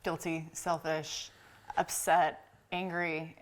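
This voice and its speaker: Low-voiced woman retelling a family story. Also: flat delivery, slow. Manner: conversational, acting out quoted dialogue. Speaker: company co-founder interviewed with her husband. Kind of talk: emotional personal storytelling.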